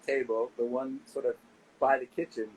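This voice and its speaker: A middle-aged man in a casual interview, telling animated anecdotes and quoting people as he goes. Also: medium pitch, moderate pace, crowd noise, poor audio. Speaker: nightlife owner and guest.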